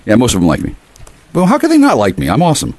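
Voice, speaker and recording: A man ranting on his porch in a rambling, profane monologue that veers between loud outbursts and quiet muttering. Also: medium pitch, wildly swooping pitch, rapid-fire, dry recording. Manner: profane, erratic, shifts between ranting and murmuring. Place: outdoors on a porch.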